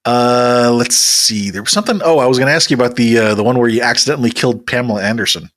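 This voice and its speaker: Brief: male interviewer, mid-low voice, measured and thoughtful. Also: fairly bright tone. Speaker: podcast host, interviewer. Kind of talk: probing interview questions.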